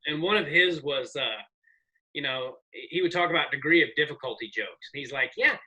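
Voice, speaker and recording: Bright-voiced man, animated comedian. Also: a little high, normal speed, rough recording. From American South. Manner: rambling, animated storyteller with profanity. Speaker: comedian guest. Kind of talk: casual podcast chat.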